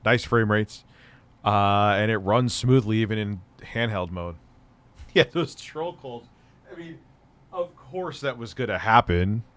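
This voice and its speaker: A middle-aged man hosting a livestream in casual chat, loose and profane, laughing often and jumping into excited bursts. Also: lowish voice, measured pace. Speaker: livestream host.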